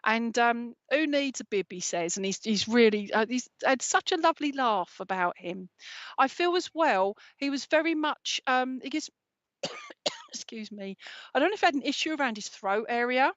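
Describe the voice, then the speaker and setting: A woman's voice: on the high side, very animated, moderate pace, dry recording. A woman giving a live mediumship reading from home, talking in a chatty way and checking in with "all right?" after nearly every phrase. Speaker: psychic medium. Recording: dull lo-fi stream audio.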